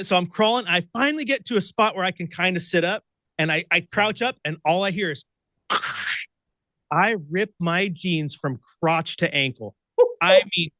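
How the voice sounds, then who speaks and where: You hear a high male voice with no echo: a radio producer and host from Oregon, sitting in as a guest. His storytelling is animated and excitable, with frequent laughter and voices he acts out as the story unfolds.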